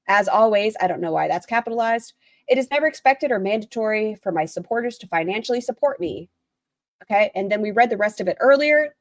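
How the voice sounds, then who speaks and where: A woman hosting a livestream reads out a written statement and viewers' chat messages, commenting bluntly and swearing casually. Her mid-range voice comes through as a dry, clean studio recording.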